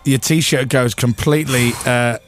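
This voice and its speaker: A man's voice: medium pitch, a little slow, soft background music. A man hosting a radio show, bantering and laughing with his co-hosts and guest. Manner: laughing, animated, teasing. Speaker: radio host.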